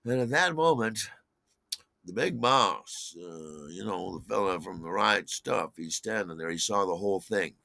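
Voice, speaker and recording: A man's voice: low voice, unhurried, creaky, dry recording. A man in his sixties telling a personal story casually, rambling with fillers and acting out quotes. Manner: animated, rambling, many fillers and restarts, acts out quotes.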